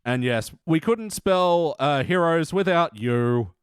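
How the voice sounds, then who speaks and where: A man's voice: on the high side, lively intonation, slow, smooth, no echo, studio quality. A man hosting a comedy podcast, joking playfully and often laughing. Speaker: podcast host. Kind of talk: casual comedy podcast banter.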